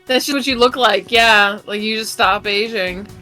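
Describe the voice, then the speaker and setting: Woman with a light Southern accent, bright and crisp voice, teasing, laughs a lot, faint game music behind. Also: medium pitch, normal speed. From Alabama. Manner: laughs often, blunt and teasing. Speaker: co-host. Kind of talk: casual chat while gaming.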